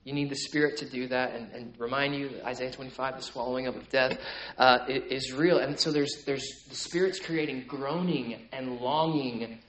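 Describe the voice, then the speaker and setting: A man preaching a sermon in a conversational way, with many "right?" tags, moving between loud emphatic stretches and quiet, low asides. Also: low-quality recording. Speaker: pastor.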